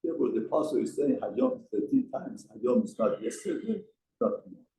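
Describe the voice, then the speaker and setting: A man's voice: medium pitch, huge pitch swings, fairly quick, creaky, mellow, roomy sound, a little hiss or hum, rough recording. A man giving a mussar lesson as a rabbi, speaking emphatically and asking rhetorical questions. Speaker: rabbi teaching a Torah class. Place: study hall.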